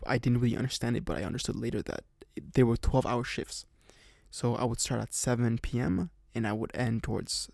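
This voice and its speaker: A man's voice: mid-range voice, creaky, darkish tone, no echo, clean studio sound. A man in his twenties casually telling a personal story on a podcast, rambling with lots of fillers. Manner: rambling, many fillers and restarts. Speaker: podcast host.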